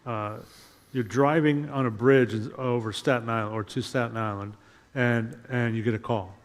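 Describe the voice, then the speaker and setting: Man interviewing, mid-pitched voice, measured delivery, reverb behind it. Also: steady tone. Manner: halting, measured questions. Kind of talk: interview questions. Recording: long reverb.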